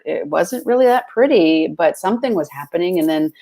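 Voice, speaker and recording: A woman's voice: fairly low pitch, animated, a little fast, dark tone. A woman guest in casual conversation, talking freely and chattily with lots of fillers. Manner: chatty, full of fillers like "like" and "you know".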